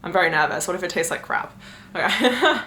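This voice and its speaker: A woman's voice: on the low side, expressive, a little fast, pushed and bright, slight background noise. A young woman in her twenties chatting casually in a vlog, rambling with lots of fillers and giggles. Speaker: book vlogger. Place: home room and outdoors on a lunch break. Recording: echoey room.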